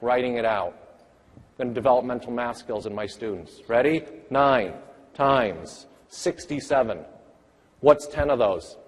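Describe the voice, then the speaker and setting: A man presenting a math teaching workshop, energetically firing quick questions at the audience. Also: mid-range voice. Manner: energetic, rapid-fire quizzing of the audience. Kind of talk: interactive conference workshop talk. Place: large conference hall. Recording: long hall reverb.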